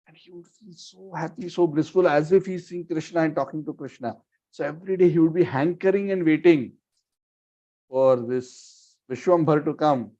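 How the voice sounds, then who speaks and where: A man's voice: fairly high pitch, normal speed, dark tone. A man giving a devotional storytelling talk and relating the tale with frequent "you know" fillers. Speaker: devotional speaker. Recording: dull lo-fi recording.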